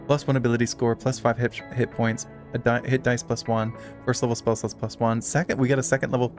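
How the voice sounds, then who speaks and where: A man chatting casually with his viewers while playing a game, swearing freely and reading text aloud. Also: medium pitch. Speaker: streamer. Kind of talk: casual live-stream chat while gaming.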